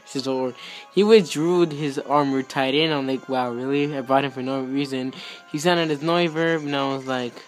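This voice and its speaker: Young male gaming YouTuber, rambling, fast outbursts, higher-pitched, light music underneath. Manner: excitable, rambling, quick outbursts. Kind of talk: casual game commentary. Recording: faint music behind.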